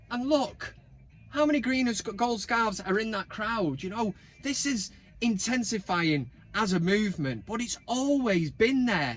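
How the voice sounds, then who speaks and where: A man hosting a football fan video channel, ranting and mocking with lots of swearing. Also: high-pitched. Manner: sweary, mocking, animated rant. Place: inside a van.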